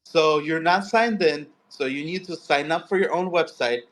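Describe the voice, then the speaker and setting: A man leads a live coding lesson, explaining each step plainly. His voice sits a little high for a man. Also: normal speed, a bit bright. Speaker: coding instructor. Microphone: phone.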